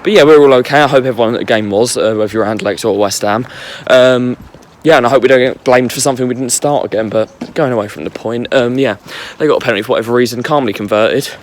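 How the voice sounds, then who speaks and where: Young male football vlogger, hoarse, quick and rambling, phone mic on a night street. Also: mid-range voice, slight background noise. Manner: rambling, filler-heavy fan chat. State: losing his voice. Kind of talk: casual match recap. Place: walking on a street at night outdoors.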